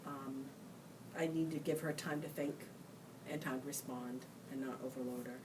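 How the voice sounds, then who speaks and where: A woman's voice: extremely low pitch, steady tone, normal speed. A woman on a discussion panel, talking earnestly about caring for her mother, her thoughts tumbling out with many fillers. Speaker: panelist, child of a brain injury survivor. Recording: distant mic with clear room noise.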